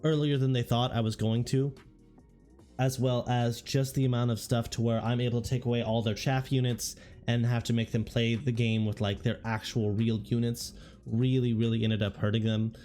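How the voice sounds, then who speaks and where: A man with a worn, hoarse voice talks through a relaxed, rambling recap, often restarting his sentences. His tone is mellow and warm, and soft music plays faintly underneath. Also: mid-range voice, moderate pace. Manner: casual, rambling, with frequent restarts. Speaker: tabletop wargame content creator.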